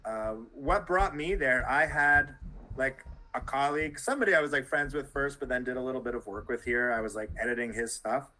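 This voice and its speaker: A man's voice: medium pitch, fairly quick, sharp tone, poor audio. A Canadian man, a journalist, talking as an interview guest in a loose, rambling way full of "like" and restarts. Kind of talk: casual interview conversation.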